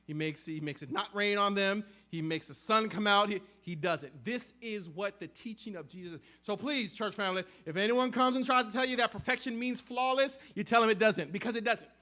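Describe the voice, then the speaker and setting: Man preaching, very high voice, emphatic, loud stresses and hushed drops, repeats and restarts phrases. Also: fairly quick, hardly any pauses. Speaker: pastor. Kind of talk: sermon.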